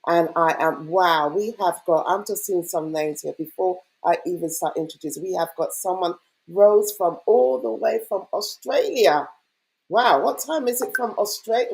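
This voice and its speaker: A woman's voice: lowish voice, a little mellow, rough recording. A woman hosting an online event over a video call, chatty and welcoming, greeting viewers with enthusiasm. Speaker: host.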